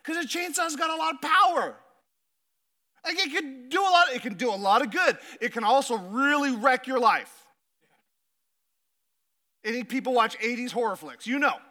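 A male pastor preaching a sermon, telling stories with animation and slowing down to stress his points. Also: very high-pitched. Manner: storytelling, animated, builds to emphatic slow points. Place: church stage.

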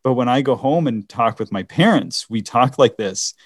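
A man's voice: mid-range voice, animated, normal speed, no room sound, clean studio sound. A man from the Canadian Maritimes co-hosting a podcast in casual chat, often stopping and restarting his sentences. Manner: hesitant, many restarts and laughs. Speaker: podcast co-host.

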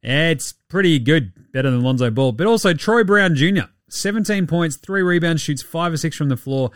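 A man's voice: on the high side, lively intonation, normal speed, no echo, studio quality. A man hosting a casual basketball recap podcast, irreverent and sweary, slipping into mocking voices. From Australia. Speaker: podcast host.

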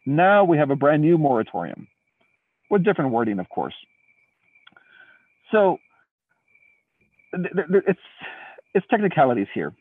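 A man's voice: on the high side, very animated, moderate pace, pauses often, slightly rough, no room sound. A man co-hosting a podcast, explaining current events at length in a casual, indignant way from outdoors at night. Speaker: podcast co-host. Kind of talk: casual political chat. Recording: tinny distant phone-like remote line.

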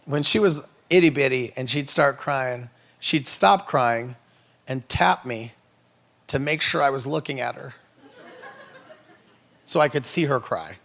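A man in his thirties, a preacher, telling funny family stories in a sermon, joking and acting out voices with big jumps in pitch. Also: unhurried, vocal fry, pauses often, a bit bright. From Norway. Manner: playful, jokey, acts out quotes with big pitch jumps. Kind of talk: comedic sermon storytelling.

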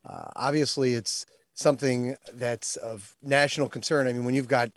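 A male attorney appearing as an interview guest, answering with lots of fillers and pauses. The recording is dry, with no reverb. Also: mid-range voice, steady tone. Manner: hesitant, many fillers.

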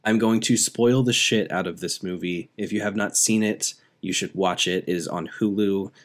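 A man with a fairly low voice talks through a film on a podcast in loose, enthusiastic chat. He rambles, laughs often, and stacks up questions as he goes. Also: moderate pace. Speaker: podcast co-host. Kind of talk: casual movie review chat.

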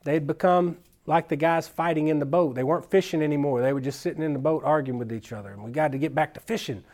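A man who is a children's minister, telling stories at a conference in an animated, folksy way with casual slang. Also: a little high, fast talker. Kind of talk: storytelling conference talk.

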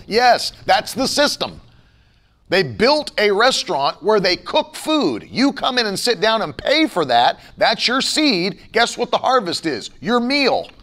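A man's voice: high voice, sing-song, measured pace, bright, forceful tone. A man pastor preaching a sermon, emphatic and repetitive, firing off rhetorical questions.

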